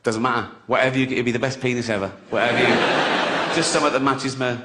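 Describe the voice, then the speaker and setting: A man's voice: medium pitch, steady tone, quick pace, heavy background noise. A man in his sixties doing a crude, conversational stand-up routine, often chuckling at his own jokes. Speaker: stand-up comedian. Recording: loud audience laughter behind. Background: audience laughter.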